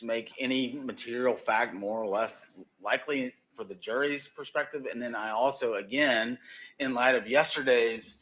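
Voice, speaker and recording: A man's voice: medium pitch, bright, forceful tone, poor audio. A male prosecutor arguing an objection in a hesitant, stammering way. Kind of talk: courtroom argument.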